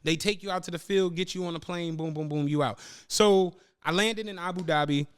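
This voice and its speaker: A man's voice: sits high, a little fast, smooth. A young adult man hosting a podcast, telling a travel story in casual chat, acting out his friends' lines and swearing freely. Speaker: podcast host.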